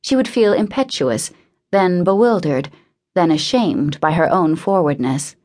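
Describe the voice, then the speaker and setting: A woman reading a novel aloud in a measured, intimate narration. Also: on the low side, lively intonation, a little mellow. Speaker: audiobook narrator. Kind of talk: scripted narration.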